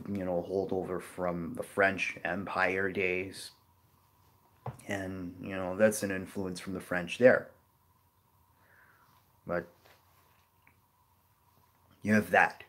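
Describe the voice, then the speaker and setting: A man's voice: low voice, a bit bright. A man hosting a geography lesson, explaining off the cuff in a loose, rambling way full of "you know" fillers. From New Orleans area, Louisiana. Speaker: geography video host. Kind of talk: unscripted explanatory talk.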